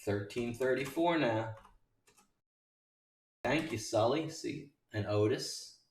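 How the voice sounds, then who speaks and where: A man hosting a live day trading show, excitedly calling out prices and shouting out names from his chat. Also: medium pitch, slow pace, recorded from a distance, a little hiss or hum. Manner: hyped, rattling off stock prices and chat names. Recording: roomy sound from off-mic.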